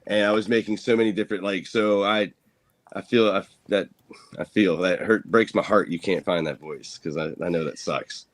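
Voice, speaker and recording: A man's voice: low-pitched, steady tone, normal speed, no room sound. A man hosting a casual podcast chat, talking in an earnest, agreeable way. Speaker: podcast host.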